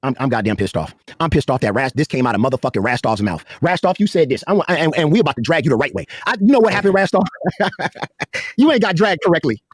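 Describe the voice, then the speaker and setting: A man's voice: a little high, animated, quick pace, no echo, clean studio sound. A man ranting angrily and profanely, calling someone out in a confrontational way. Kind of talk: angry rant.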